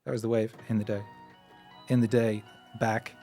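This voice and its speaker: A livestream host and musician sits in his home studio at a microphone on a stand, speaking in a fairly low, warm, flat voice at a moderate pace. The room sounds big and echoey, with music playing in the background. Loose and jokey, he rambles with playful asides and reads viewer comments aloud.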